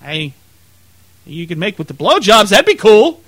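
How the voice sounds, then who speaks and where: High-voiced swearing podcast co-host man. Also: a little slow, dry recording. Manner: profane, animated storytelling. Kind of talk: casual chat.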